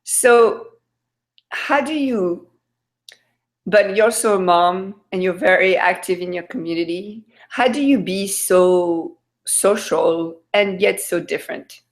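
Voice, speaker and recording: A woman's voice: mid-range voice, slow. A woman from France with a French accent, hosting a casual video-call chat in a chatty, questioning way, often restarting her sentences. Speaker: host.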